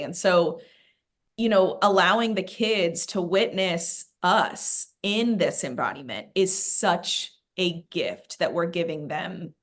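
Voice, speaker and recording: A woman in casual, heartfelt conversation, talking earnestly with many fillers and growing emotional. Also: mid-range voice.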